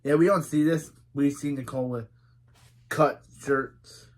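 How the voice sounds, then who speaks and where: A man's voice: mid-range voice, steady tone, measured pace. A man giving casual reaction commentary as a show reviewer, recapping scenes in a chatty way, reading lines aloud and getting indignant.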